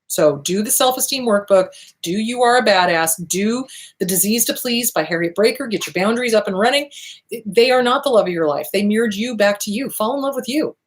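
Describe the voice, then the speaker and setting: A woman hosting an advice show, answering viewer questions in a blunt, emphatic way, repeating short commands for emphasis. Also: fairly quick. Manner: acts out quoted voices with big pitch swings. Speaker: host answering viewer questions on abuse recovery. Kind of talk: casual advice talk.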